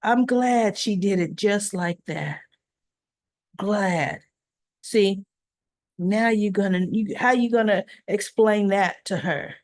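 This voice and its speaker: A woman's voice: medium pitch, a little slow, darkish tone, no room sound. A woman hosting a casual recap, retelling scenes with acted-out quotes and chatty asides. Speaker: soap opera recap host.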